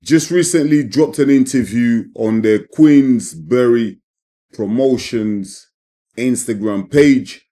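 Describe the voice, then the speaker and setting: A man's voice: medium pitch, slow, mellow. A man giving emphatic, repetitive opinions in a casual commentary vlog. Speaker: boxing commentator.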